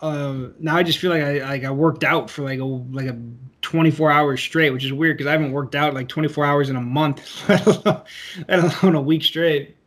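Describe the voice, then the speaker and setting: A man's voice: fairly high pitch, steady tone, fairly quick, a bit bright. A man co-hosting a casual podcast, recovering from a fever, chatty and full of "like" fillers. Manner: chatty, laughing, many "like" fillers. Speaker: podcast co-host. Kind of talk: casual chat.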